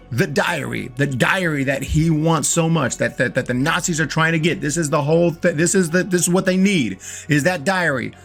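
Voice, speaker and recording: A man's voice: fairly high pitch, a bit bright. A man giving a casual, enthusiastic film review, often stumbling and repeating words as he talks. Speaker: movie reviewer.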